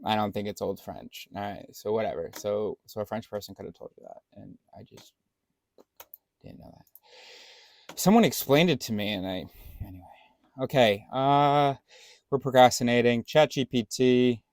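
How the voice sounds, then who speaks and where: A man's voice: on the low side, expressive, normal speed, a little mellow. A man vlogging in a casual, meandering monologue, thinking aloud with many fillers and restarts and swearing now and then.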